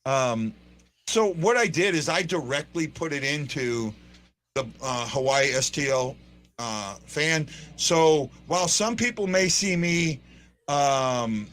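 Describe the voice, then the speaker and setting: A man's voice: on the high side, takes it slowly. A man hosting a fan show, giving casual, rambling live hockey commentary with lots of restarts. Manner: excitable, rambling, frequent restarts and fillers. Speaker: fan podcast host.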